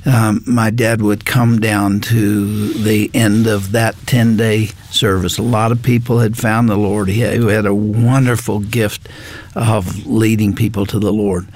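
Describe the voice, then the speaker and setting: A male talk show host speaking in a measured, reflective way while interviewing a guest. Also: on the low side, little pitch movement, a little mellow. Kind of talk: interview conversation.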